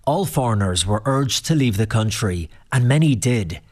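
A man's voice: mid-range voice, animated, normal speed, a little mellow. Man narrating a radio documentary. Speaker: reporter.

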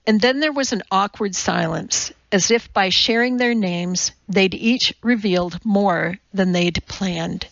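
A woman reading a novel aloud in measured, even scripted narration. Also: mid-range voice, creaky, dry recording, lo-fi sound. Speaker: audiobook narrator.

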